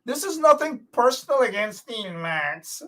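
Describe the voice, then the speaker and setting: A man's voice: very high voice, big pitch swings, a little slow, a bit bright. A man with a Guyanese accent hosting a radio show, delivering fiery, emphatic political commentary with lots of repetition.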